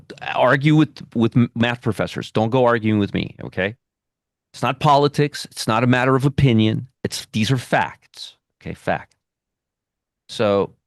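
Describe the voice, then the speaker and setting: A man's voice: fairly low pitch, no room sound, clean studio sound. A man teaching a trading lesson at a whiteboard, emphatic, repeating phrases and checking in with "okay?". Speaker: trading educator.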